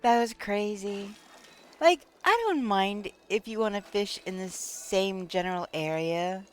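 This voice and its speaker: A woman's voice: mid-range voice, a little slow, clear, resonant tone, faint music behind. A woman streaming a video game live, chatting casually, laughing often and exclaiming in disbelief. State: laughing to tears. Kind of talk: casual live-stream chat while playing.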